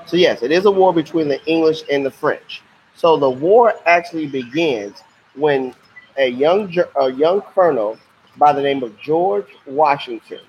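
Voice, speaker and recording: A man teaching a casual, slangy livestream history lesson and quizzing his viewers. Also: mid-range voice. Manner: lively, slangy, asks questions to the class. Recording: muffled lo-fi stream audio with faint hiss.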